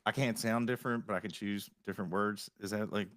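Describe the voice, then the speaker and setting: A man hosting a podcast, chatting casually with halting restarts and frequent laughs. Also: lowish voice, steady tone, a bit bright, dry recording, studio quality. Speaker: podcast host.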